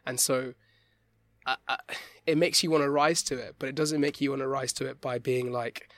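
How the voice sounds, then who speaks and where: A young man, talking as an interview guest about stage work, rambling with many restarts and quick laughs. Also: medium pitch, steady tone, fairly bright tone, no room sound. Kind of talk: casual conversational interview.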